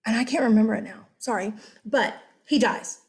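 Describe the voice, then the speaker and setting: A woman's voice: a little high, normal speed. A woman history teacher giving a casual, chatty lecture, correcting herself and asking her students questions.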